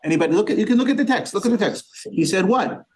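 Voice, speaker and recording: Speaking rapid-fire with a high, expressive, slightly dark voice, a male rabbi quizzes a small synagogue group during an interactive Torah lesson. He sprinkles Yiddish and Hebrew terms throughout.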